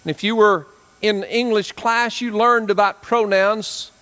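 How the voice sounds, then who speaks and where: A male pastor with a Southern drawl, from South Arkansas, preaching in a fairly high voice. He swells to emphatic, ringing peaks and then sinks into quiet, drawn-out lines. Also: fairly even intonation, big-room sound. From South Arkansas, USA. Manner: preaching with emphatic swells and hushed, slow drops. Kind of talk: sermon.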